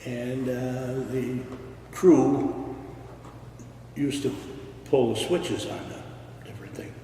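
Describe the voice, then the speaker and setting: A man's voice: medium pitch, fairly even intonation, slow pace, dark tone, heavy reverb, big-room sound, far from the mic, slight background noise, poor audio. An older man telling his own work stories in an oral history interview, blunt and salty, with plenty of cursing. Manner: salty storytelling with swearing. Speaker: retired railroad worker.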